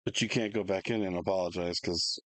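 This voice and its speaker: Man, low voice, rambling animated storyteller, dry close sound. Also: fairly quick, no echo, low-quality recording. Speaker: podcast co-host. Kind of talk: casual storytelling chat.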